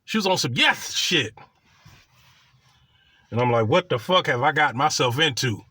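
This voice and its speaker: Animated, husky-voiced man telling a story. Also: mid-range voice, moderate pace, no room sound. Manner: profane, boastful and animated. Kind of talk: casual storytime monologue.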